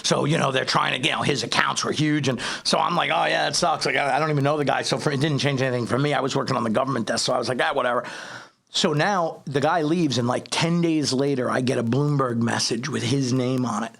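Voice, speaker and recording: Middle-aged New man, husky and gravelly, animated storyteller who acts out the dialogue. Podcast co-host. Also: mid-range voice, fast talker. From Staten Island, New York. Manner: animated, acts out quoted dialogue, frequent restarts. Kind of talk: casual storytelling.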